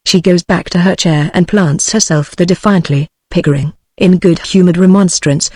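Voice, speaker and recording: A text-to-speech woman's voice with a British English accent, reading a stage play aloud in an even, synthetic manner. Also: fairly low pitch, normal speed, hardly any pauses, no echo, clean studio sound. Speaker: narrator.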